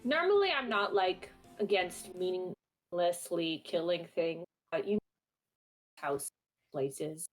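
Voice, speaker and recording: A woman playing a tabletop game, talking in an eager, animated way. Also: on the low side, slow pace, soft background music, poor audio. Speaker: player. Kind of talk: casual tabletop play.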